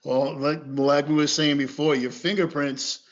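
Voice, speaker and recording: A man's voice: a little high, level tone, a little slow. Casual male podcast host. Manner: loose, conversational phrasing. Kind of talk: casual interview questions. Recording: muffled podcast audio.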